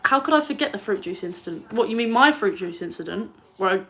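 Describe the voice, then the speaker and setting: A woman's voice: medium pitch, animated, fast, fairly bright tone. A young woman chatting casually on a livestream, blunt and swearing freely as she answers viewer comments. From England.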